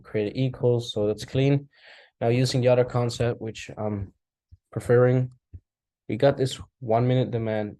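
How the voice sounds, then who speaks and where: A man casually talking through a chart recap, thinking aloud with relaxed asides. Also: on the low side. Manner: relaxed, talks to himself while charting, asides and apologies. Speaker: trading recap host. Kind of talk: casual screen-share commentary.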